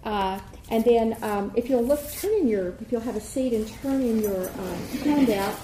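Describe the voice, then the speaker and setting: A woman's voice: fairly high pitch, normal speed, background noise. Woman choir teacher in an echoey room. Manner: demonstrates warm-ups, sings vowels. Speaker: children's choir director. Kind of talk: teacher workshop demonstration. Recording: echoey room with faint ambience.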